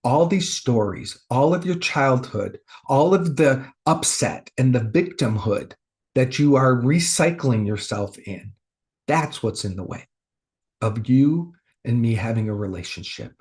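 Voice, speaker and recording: A man voicing a gentle but firm male inner voice of God, soft and low. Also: expressive, slow pace, long pauses.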